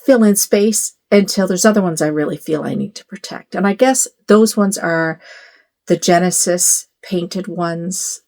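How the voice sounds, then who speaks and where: A woman's voice: lowish voice, a little slow, warm tone. A middle-aged woman chatting casually to her phone camera in a bedroom at home, rambling with lots of fillers and asides. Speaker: doll collector vlogger.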